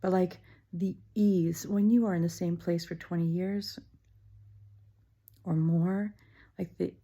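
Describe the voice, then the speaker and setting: A middle-aged woman with a low, mellow voice muses aloud at home. She talks in a fairly level tone, wry and self-deprecating, often pausing on "um". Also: steady tone. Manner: musing, wry and self-deprecating, many ums. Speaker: vlogger. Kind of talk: casual reflective monologue. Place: indoors at her childhood home.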